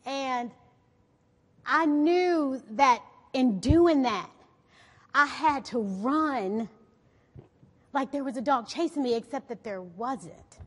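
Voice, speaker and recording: A woman's voice: sits high, animated, slow, pauses often, in a large hall. A woman giving an inspirational stage talk to an audience, telling a story animatedly and often checking in with the crowd. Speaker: motivational speaker.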